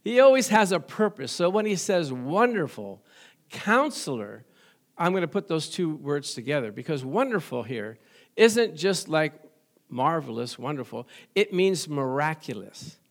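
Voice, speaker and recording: High-voiced joking male pastor. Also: big pitch swings, measured pace, fairly bright tone. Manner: folksy, joking, asks the congregation for amens. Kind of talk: sermon.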